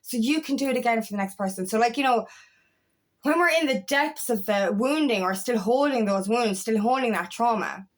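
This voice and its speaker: Her voice is a little high and her pace moderate as this young empowerment coach gives a fiery motivational talk. Profanity comes up frequently, and she hammers points home through repetition in an impassioned monologue.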